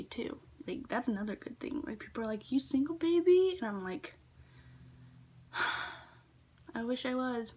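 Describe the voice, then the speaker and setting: Chatting casually in her vlog, a teen girl shares stories from work with plenty of fillers and now and then lowers her voice to a whisper. She sounds husky and on the high side.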